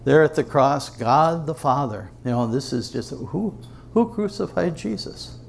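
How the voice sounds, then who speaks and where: A male pastor preaching a sermon in church to his congregation, earnest and emphatic, with dramatic pauses. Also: a little high, lively intonation, creaky, slight background noise.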